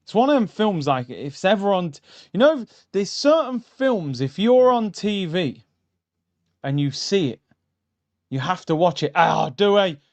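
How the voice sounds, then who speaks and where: Excitable man reacting to a match. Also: high voice, unhurried. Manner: excitable, shouts at the screen, chatty tangents. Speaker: football watchalong host. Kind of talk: live match reaction commentary. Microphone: streaming mic.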